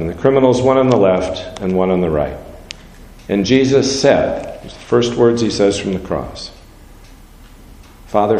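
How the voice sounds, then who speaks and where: A man's voice: fairly low pitch, warm tone. A man preaching a sermon, reading scripture aloud and giving the verses changing emphasis. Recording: roomy hall with long reverb.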